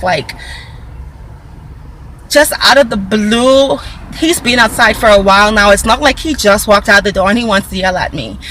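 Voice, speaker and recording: A woman telling a casual storytime vlog, animated, talking to her viewers and acting out what people said. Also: fairly high pitch, a little hiss or hum, poor audio. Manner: acts out quoted dialogue in raised voice. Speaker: vlogger.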